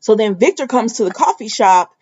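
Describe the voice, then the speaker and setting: A woman's voice: a little high, lively intonation, brisk, a little mellow, slight background noise. Chatty woman recapping soaps, lo-fi. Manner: chatty, retells scenes in quoted dialogue with her own asides. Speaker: soap opera recap host. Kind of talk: casual soap recap. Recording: dull lo-fi sound.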